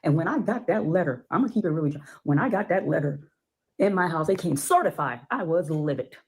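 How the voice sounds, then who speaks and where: Husky woman from ohio, lowish voice, guest filmmaker on a podcast, hammers her points by saying them twice. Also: expressive, fairly quick, darkish tone, rough recording. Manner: emphatic, repeats words for stress. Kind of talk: casual podcast talk.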